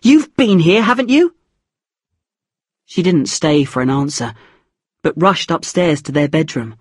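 Woman, audiobook narration, measured, expressive, husky, dry recording. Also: deep voice, dry recording. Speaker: audiobook reader. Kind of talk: scripted narration of a graded reader.

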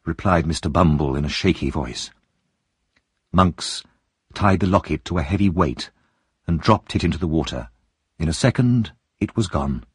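A man narrating a story aloud in a measured, expressive reading with a husky voice. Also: rumbling low, no room sound, clean studio sound.

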